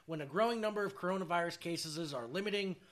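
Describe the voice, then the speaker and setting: A man's voice: sits high, fast talker, a bit bright. A man hosting a casual podcast, reading news headlines aloud with joking, profane asides. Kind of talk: casual chat.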